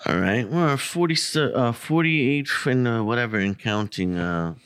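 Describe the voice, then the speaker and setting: A man co-hosting a podcast, telling a story in casual, profane, animated chat. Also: moderate pace, clear, resonant tone, dry recording, clean studio sound. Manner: animated, profane, gets loud and high when acting out the story. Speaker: podcast co-host.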